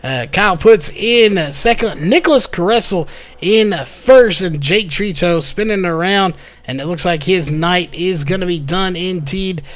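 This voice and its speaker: High-voiced, slightly hoarse race commentator. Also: male voice, a bit bright. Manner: rapid play-by-play with frequent "uh" fillers. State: slightly hoarse, losing his voice. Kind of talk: live race play-by-play commentary.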